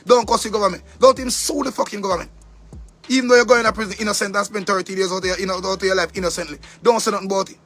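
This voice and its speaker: Jamaican man, angry profane rant, high voice, faint music behind. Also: fairly even intonation, racing, a bit bright. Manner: angry, profane, preachy, repeats for emphasis. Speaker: commentator. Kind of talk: heated monologue rant.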